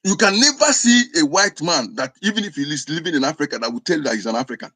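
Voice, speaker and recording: A man from Igbo land with an Igbo Nigerian accent, giving a forceful, emphatic monologue full of repetition. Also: a little high, lively intonation, fast. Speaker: speaker. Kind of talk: impassioned monologue.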